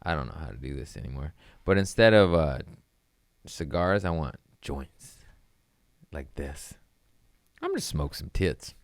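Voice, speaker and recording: Man comedian, deep smooth voice, rambling profane storyteller, dry close sound. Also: big pitch swings, a little slow, pauses often, no echo. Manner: profane, rambling, laid-back. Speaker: stand-up comedian hosting his own show. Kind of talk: casual storytelling chat.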